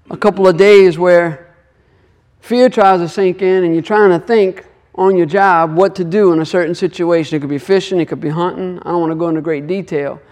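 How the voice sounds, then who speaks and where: Speaking at a fairly high pitch with a darkish tone, a male Torah teacher delivers earnest devotional teaching on scripture, praying aloud and returning to the same phrases again and again.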